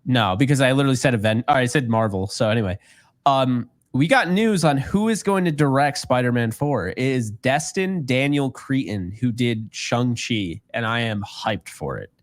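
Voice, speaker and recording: A man's voice: mid-range voice, lively intonation, moderate pace, no echo. A man co-hosting a casual podcast, joking and rambling, laughing often. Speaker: podcast co-host. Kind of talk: casual chat.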